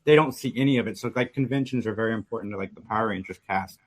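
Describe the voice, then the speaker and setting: A man's voice: on the low side, very fast. A man hosting a podcast, asking the guest questions with many fillers and restarts. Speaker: podcast host. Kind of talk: casual interview questions.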